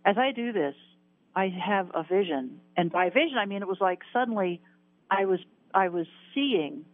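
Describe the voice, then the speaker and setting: Interview guest, woman in her sixties, middle pitch, earnest and emotional storyteller who repeats herself, tinny phone-line audio. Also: expressive, moderate pace, dry recording. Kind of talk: recounting a personal near-death story.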